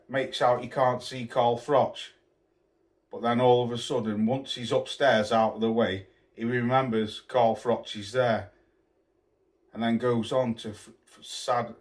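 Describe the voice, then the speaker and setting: A man tears into someone in a heated vlog rant, scornful, swearing freely and piling on insults. His voice sits at an ordinary middle pitch, and he talks straight to the camera. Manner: scornful, swearing, name-calling. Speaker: boxing commentator vlogger.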